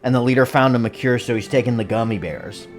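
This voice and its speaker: Speaking fast in a mid-range voice over soft background music, a movie reviewer delivers a casual, wandering recap full of spoilers. Jokes keep coming, and laughter breaks out often.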